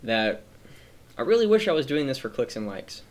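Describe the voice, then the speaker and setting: A man's voice: medium pitch, big pitch swings, moderate pace. A man streaming a reflective personal monologue, earnest and rambling, often restarting his sentences, emotional and near tears. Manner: earnest, rambling, self-correcting.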